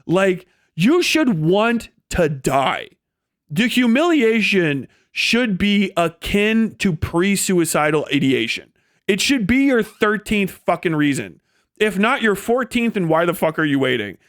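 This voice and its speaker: A man's voice: high-pitched, big pitch swings, a little slow, dry recording, clean studio sound. A young man ranting on a livestream, profane and mocking, slipping into sneering impressions of others. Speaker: live streamer. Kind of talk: angry political rant on a livestream.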